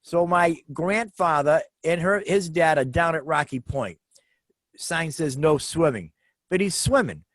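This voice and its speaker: A middle-aged man co-hosting a casual chat, telling family stories in an animated way and repeating words for emphasis. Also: a little high, measured pace, no echo. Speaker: co-host.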